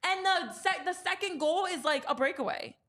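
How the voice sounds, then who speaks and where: Bright, high-voiced woman ranting on a podcast. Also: lively intonation, moderate pace. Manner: emphatic, exasperated rants with rhetorical questions. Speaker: podcast co-host. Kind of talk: casual sports podcast chat.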